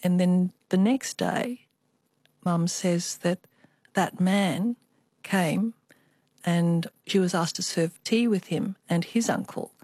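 A woman's voice: on the low side, slow, a little mellow, no room sound, studio quality. Reflective older woman storyteller. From Australia. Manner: reflective storytelling, with small restarts. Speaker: guest, artist. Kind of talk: radio interview.

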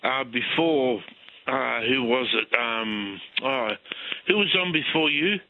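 A man with an Australian accent calling in to a radio show, friendly and rambling with many pauses. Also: mid-range voice, a little hiss or hum. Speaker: caller. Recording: tinny phone line, dry.

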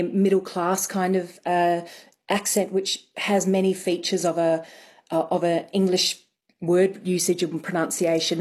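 A woman accent coach, a guest on a radio interview, explaining things thoughtfully with many pauses and ums. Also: lowish voice, a little mellow.

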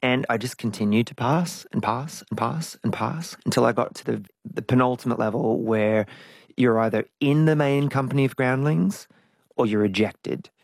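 A man's voice: mid-range voice, moderate pace, vocal fry, no echo. A middle-aged man, a guest musician, telling his story candidly in an interview and acting out his own past voices. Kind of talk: conversational interview.

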